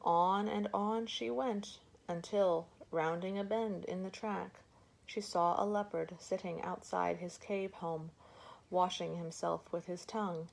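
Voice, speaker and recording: A woman reading a folk tale aloud for children in a gentle, measured way. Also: fairly low pitch, steady tone, gravelly. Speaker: storyteller. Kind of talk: storybook reading.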